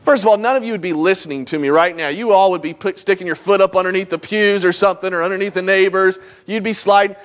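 A pastor preaching a sermon in a church sanctuary, talking conversationally and pausing for emphasis. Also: male voice, high voice, steady tone, smooth.

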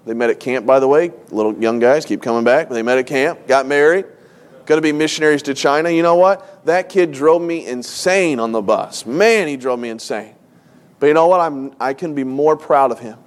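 A man's voice: mid-range voice, normal speed, clear, resonant tone. A middle-aged man, a pastor, preaching a sermon with earnest, emotional storytelling and repeated phrases for emphasis. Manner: emotional storytelling, tearful at times.

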